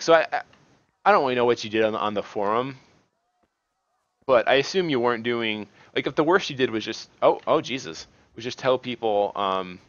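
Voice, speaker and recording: A man giving casual, rambling commentary while playing a game, halting and restarting often and swearing at the game now and then. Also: mid-range voice, a bit bright, dry recording, highs cut off. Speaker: gaming video host.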